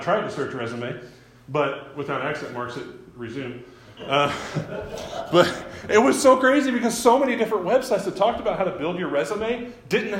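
A man with a slightly high voice preaches as a pastor in a church sanctuary, and the sound is reverberant. His delivery is conversational, with frequent restarts and questions aimed at the congregation.

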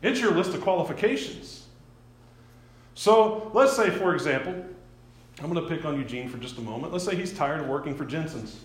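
A man's voice: fairly high pitch, animated, fairly quick, reverberant, slight background noise. A man preaching a sermon as a pastor in a church. He talks conversationally, often restarts his words and poses questions to the congregation. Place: church sanctuary.

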